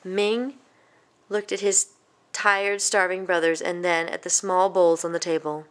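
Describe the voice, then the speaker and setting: A woman reading a children's picture book aloud in an even, gentle storytelling manner. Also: fairly low pitch, a little slow. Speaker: storybook reader.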